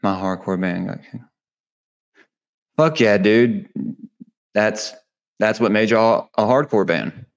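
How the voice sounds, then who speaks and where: Guy from mississippi on a podcast, lowish voice, says dude constantly. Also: takes it slowly, pauses often. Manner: slangy, says "dude" and "bro" a lot. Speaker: podcast guest. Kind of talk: casual podcast chat.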